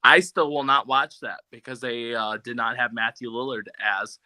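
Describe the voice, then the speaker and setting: A man's voice: medium pitch, steady tone, normal speed, sharp tone. A man co-hosting a casual podcast, rambling with lots of fillers, his voice a little off today. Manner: rambling, filler-heavy, does cartoon voice impressions. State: voice slightly off, unwell. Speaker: podcast co-host. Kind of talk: casual chat. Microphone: video call setup, sitting back from the camera.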